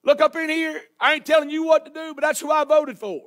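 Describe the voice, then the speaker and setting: A man's voice: very high-pitched, fairly even intonation, fairly quick, a bit bright. A man preaching a sermon as pastor in a church, emphatic and hollering. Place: church sanctuary.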